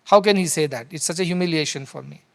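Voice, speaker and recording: A man's voice: on the high side, fast talker, vocal fry. A man voicing an irritated, proud old male Sanskrit scholar who defends himself indignantly. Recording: long hall reverb.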